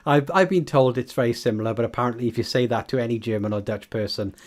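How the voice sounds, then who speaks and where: A man's voice: mid-range voice, slight background noise. A man from Wales hosting a casual group chat, laughing often and rambling through restarts. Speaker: podcast host.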